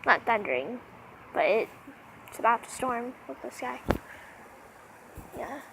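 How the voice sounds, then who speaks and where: A woman's voice: on the high side, big pitch swings, a little slow, vocal fry, background noise. A woman vlogging outdoors, chatty and talking straight to her viewers while she films on a handheld phone. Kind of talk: casual vlog narration to viewers. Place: outdoors under a stormy sky.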